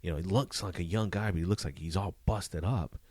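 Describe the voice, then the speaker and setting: A man, a former police detective, telling profane, animated stories from his career in a casual interview. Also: low-pitched, fairly quick, no room sound. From Southern California. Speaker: retired police detective, guest.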